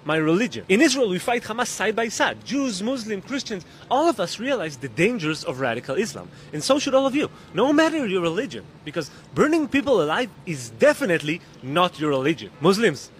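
A man with a high, very animated voice talks straight to his viewers. His scripted monologue is emphatic and pointed, built on rhetorical questions. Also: brisk, hardly any pauses, a little hiss or hum. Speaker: video creator.

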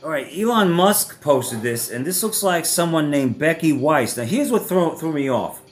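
A man's voice: fairly high pitch, big pitch swings, normal speed, music in the background. A man hosting reaction commentary, ranting with heavy profanity and frequent laughter. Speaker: host.

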